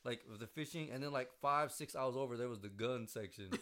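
A man's voice: mid-range voice, a little fast, fairly bright tone. Profane young man telling a story. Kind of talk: casual chat.

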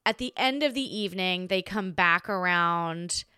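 A young woman tells a story on her podcast, chatty and animated, acting out the voices of the people she quotes. Her voice is smooth and clear, and the recording is very dry and close. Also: on the low side, unhurried, no room sound. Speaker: podcast host. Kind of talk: casual storytelling monologue.

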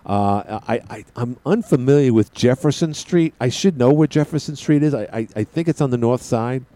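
A man's voice: medium pitch, normal speed, dark tone, dry recording. A man hosting a call-in radio show, chatting in a rambling, joking way with plenty of side tangents. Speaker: radio talk show host. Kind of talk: call-in talk radio chat.

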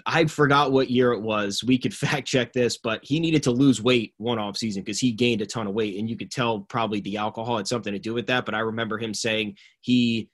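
Guy with a lowish voice rambling through sports talk, lots of um and like. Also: a little fast, few pauses. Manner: rambling, animated, frequent fillers. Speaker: podcast co-host. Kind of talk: casual sports chat.

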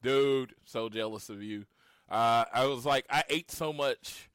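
A man in his late thirties from Oklahoma, talking casually as a podcast co-host. He retells his encounters with lively storytelling, his voice mid-pitched and dry, close to the mic with no room sound. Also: a little slow, clear, resonant tone, no room sound. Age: 30s. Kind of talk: casual chat.

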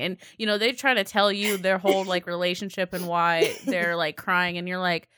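A woman's voice: fairly low pitch, level tone, normal speed, hardly any pauses, pushed and bright, smooth, dry recording, studio quality. A woman co-hosting a podcast in casual chat, telling stories sarcastically and acting out quotes. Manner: storytelling, sarcastic, acts out quotes. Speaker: podcast co-host.

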